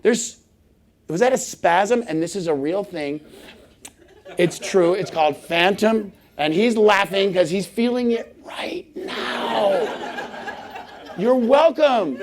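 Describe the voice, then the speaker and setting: A middle-aged man giving a humorous conference talk, animated and laughing often as he acts out little scenes. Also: high voice, measured pace, a crowd in the background. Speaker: conference speaker. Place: conference hall stage.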